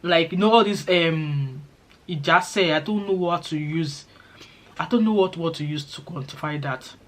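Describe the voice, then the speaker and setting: A middle-aged Nigerian woman with a Nigerian accent chats casually to her vlog viewers in a deep voice at normal speed. She sounds reassuring and easygoing, letting pidgin phrases slip into her talk.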